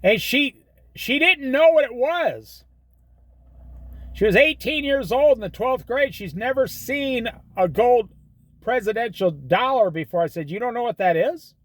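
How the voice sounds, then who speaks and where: Host, middle-aged man, high bouncy voice, folksy sermonizing monologue, dry close sound. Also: expressive, measured pace, no room sound. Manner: folksy, preachy advice with storytelling. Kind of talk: casual monologue.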